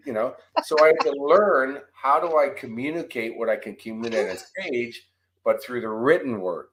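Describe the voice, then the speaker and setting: Guy coach telling stories on a podcast, acts out all the back and forth, pretty animated. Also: medium pitch, moderate pace, slight background noise, low-quality recording. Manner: animated storyteller, acts out quoted exchanges. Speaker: guest, performance coach and author. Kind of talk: storytelling podcast interview. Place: abroad in Australia, remote interview.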